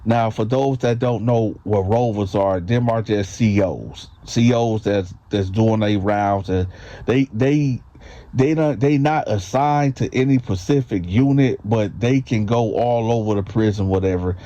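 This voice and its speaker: Laid-back man telling a story, mellow voice. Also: lowish voice, unhurried, dull audio. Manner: loose, conversational, many fillers and tag questions. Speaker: storyteller, channel host. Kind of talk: casual storytime.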